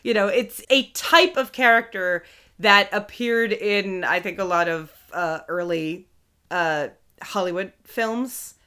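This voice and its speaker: A woman's voice: medium pitch, clear, resonant tone. A woman co-hosting a casual podcast, chatting animatedly and slipping into silly voices. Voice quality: animated, quick to slip into silly put-on voices. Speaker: podcast co-host. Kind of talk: casual chat.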